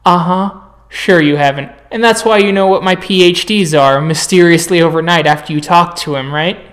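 A man's voice: sits high, normal speed, fairly bright tone. A man playing a suspicious woman scientist. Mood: angry.

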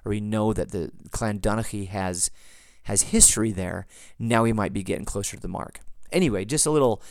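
A man's voice: on the low side, no room sound. A man hosting a podcast, explaining things in a chatty, digressive, teacherly way. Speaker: podcast host. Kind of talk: casual explanatory podcast talk.

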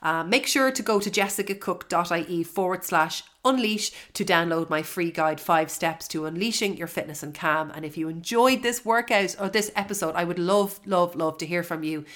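Woman, fitness podcast host, lowish voice; frank, chatty, swears, lots of fillers. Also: moderate pace, few pauses, fairly bright tone. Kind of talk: solo podcast monologue.

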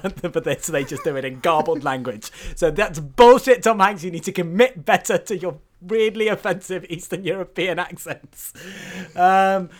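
A man co-hosting a podcast in casual chat, animated and laughing often, with excited protests. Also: on the high side. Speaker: podcast co-host.

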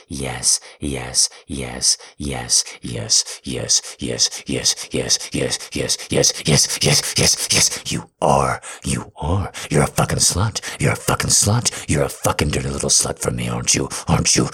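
A man's voice: a bass voice, creaky, a bit bright, husky, exaggerated voice. A man voicing a dominant, possessive lover in an erotic audio role-play, giving commands and repeating short demands. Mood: low, breathy.

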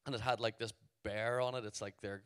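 A man with a Northern Irish accent, telling a story to a youth audience in an animated way, full of "like" fillers. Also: on the low side, brisk, clear, resonant tone. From Northern Ireland. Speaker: youth event speaker.

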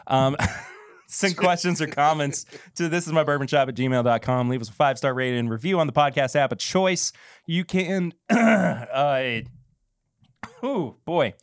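A man's voice: a little high, unhurried, no echo. A man hosting a casual podcast, chatty and jokey, laughing often between reads. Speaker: podcast host.

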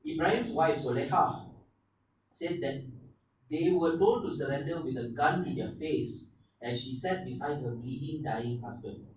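A man with a Malaysian English accent, co-hosting a podcast and retelling a historical event in a casual, animated way. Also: medium pitch, moderate pace, heavy reverb, recorded from a distance, a little hiss or hum, low-quality recording. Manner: animated storyteller, slips into silly voices. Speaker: podcast co-host.

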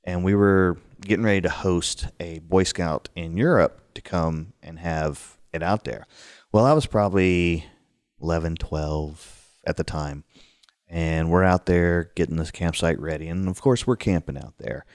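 Male storyteller, low pitch, dry close sound, casual and animated. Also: measured pace, no echo. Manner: animated, acts out the scares with sudden high outbursts. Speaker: guest telling a story.

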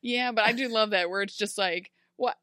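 A woman in casual chat recapping a TV show, animated and laughing often, acting out characters in quick mock voices. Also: medium pitch, no room sound, clean studio sound. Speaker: podcast co-host.

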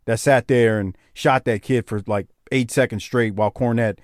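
A man, co-hosting a casual chat, excitable and prone to stammering repeats. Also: normal speed, dry recording, studio quality. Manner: excitable, repeats himself, slips into a high mocking voice when quoting. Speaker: podcast co-host.

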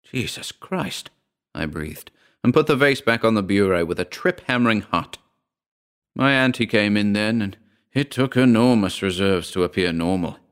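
Deep-voiced man narrating horror. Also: a bit bright, clear, resonant tone. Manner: measured, grave storytelling.

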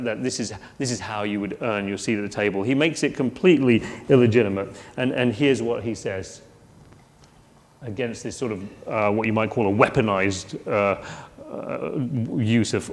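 A man preaching a sermon in a conversational way, with rhetorical questions and frequent restarts. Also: medium pitch. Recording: long hall reverb.

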